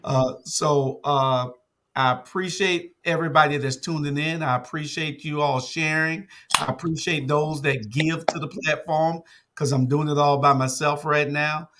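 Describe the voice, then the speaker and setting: A man's voice: a little high, unhurried, a little hiss or hum. An older man who runs a media network, talking casually on a talk show with many "uh" and "um" fillers. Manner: relaxed, uses many fillers like "uh" and "um".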